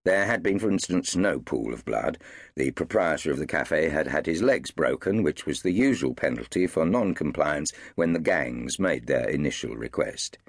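A man narrating an audiobook in a wry, measured way. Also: rumbling low, animated, gravelly, slightly rough, no echo, studio quality. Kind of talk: scripted narration. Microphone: studio microphone.

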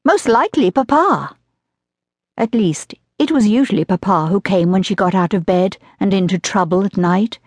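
A woman narrating an audiobook in an even, measured storytelling voice. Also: medium pitch, no echo. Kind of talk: scripted narration of a historical romance.

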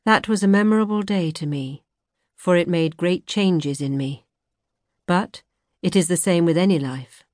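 A woman narrating a novel in a measured, expressive audiobook reading. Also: lowish voice, no room sound. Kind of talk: scripted narration. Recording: dry studio recording.

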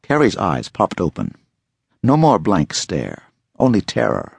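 Gravelly, husky male audiobook narrator. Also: deep voice, measured pace, no room sound. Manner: expressive, dramatic storytelling.

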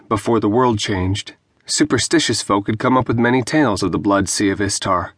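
A man narrating a fantasy novel in a measured, even storytelling manner on a close studio mic. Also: fairly low pitch, no room sound. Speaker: audiobook narrator. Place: dry recording booth.

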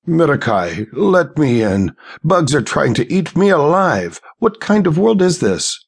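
A man's voice: a little high, big pitch swings, unhurried, gravelly, husky, voice pushed up, exaggerated voice. A man voicing a tall, non-human male trickster with a British accent and a pleading, whiny way of talking. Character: tall male fae trickster, wicked humor.

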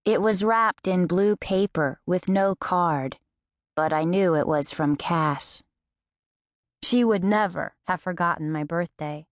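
Measured female audiobook narrator. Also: lowish voice, dry recording, studio quality. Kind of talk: scripted first-person narration.

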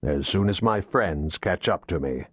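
Hitman with an American accent, voiced by a male narrator, deep low voice, dry close sound, offhand cover talk. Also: expressive, a little slow, breathy edge, no echo, exaggerated voice. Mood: casual cover. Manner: casual cover talk hiding anger. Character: male Russian hitman, tense, faking calm.

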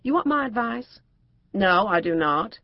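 A woman's voice: mid-range voice, animated, unhurried, dry recording, lo-fi sound. A woman narrator voicing a prim, cautious middle-aged housewife who speaks properly and frets. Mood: prim, fretful. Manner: proper and fretful.

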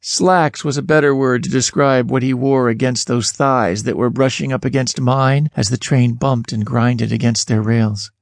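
Expressive male audiobook narrator, dry sound. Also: moderate pace, gravelly, few pauses, no echo. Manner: expressive, lifts pitch sharply on questions. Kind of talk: scripted first-person narration.

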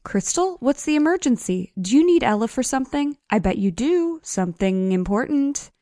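A woman's voice: high voice, lively intonation, brisk, warm tone, no room sound, studio quality, voice pushed up. A woman voicing a nervous, wiry young male grad student in an audiobook, evasive and flustered.

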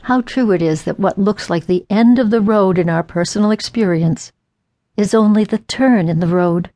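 A woman narrating an inspirational memoir audiobook in an earnest, measured way. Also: medium pitch, dark tone, no echo.

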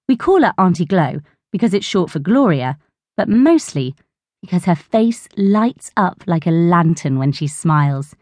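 A woman narrating a children's audiobook in an expressive, bright storytelling manner. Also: low voice, moderate pace, no echo, studio quality.

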